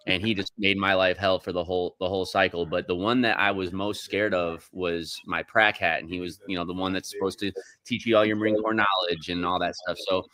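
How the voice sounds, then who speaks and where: A man's voice: low-pitched, level tone, a little fast, few pauses, pushed and bright, no room sound. A man on a podcast, rambling through profane, restart-filled stories as a Marine veteran in casual chat.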